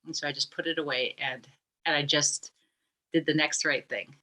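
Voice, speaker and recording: A woman describes an app she founded in a low, bright, forceful voice at normal speed, her intonation fairly even. She rambles conversationally with many fillers and restarts, and the audio is rough.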